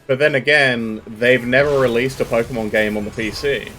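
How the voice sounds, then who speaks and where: A man's voice: medium pitch, fairly even intonation, moderate pace, bright, forceful tone, a little hiss or hum. A British man chatting casually with viewers while streaming a game, joking and rambling as he talks. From Britain. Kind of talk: casual live-stream chat.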